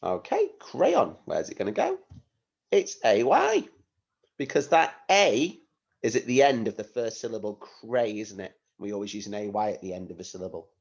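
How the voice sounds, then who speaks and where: Lively sing-song male teacher. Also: fairly low pitch, normal speed, vocal fry, breathy edge, dull audio. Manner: patient, sing-song, spells words letter by letter. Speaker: primary school teacher. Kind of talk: recorded phonics lesson for young children.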